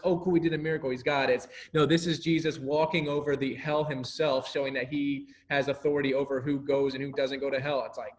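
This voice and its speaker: A man leads a relaxed Bible class in a mid-pitched voice. He talks in an animated way, laughs often, and acts out the lines of the people in his story. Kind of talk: casual Bible lesson.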